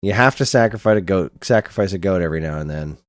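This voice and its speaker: A man's voice: low voice, expressive, fast talker, no room sound, studio quality. A man co-hosting a podcast, easygoing and joking, often restarting his sentences. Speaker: podcast co-host. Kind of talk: casual chat.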